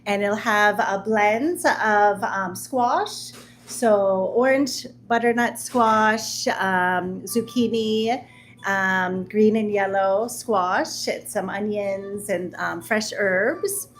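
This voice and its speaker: A woman's voice: mid-range voice, very slow, a little hiss or hum. A woman, a restaurant owner and chef, explaining a menu to guests in a friendly way, with many hesitations.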